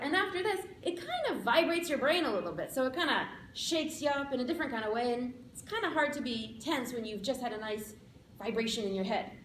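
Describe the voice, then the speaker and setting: Upbeat high-voiced woman in an echoey room. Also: expressive. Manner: upbeat, playful and instructive, with emphatic slowed-down advice. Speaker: public speaker. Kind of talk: motivational club speech. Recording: echoey room, faint background noise.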